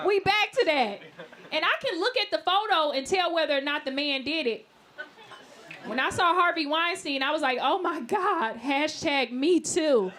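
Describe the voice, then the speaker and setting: A woman doing a brash, animated stand-up set in a live club, laughing at her own jokes. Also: sits high, normal speed. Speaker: stand-up comedian. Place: live comedy club, New York. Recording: loud noise on a live club recording.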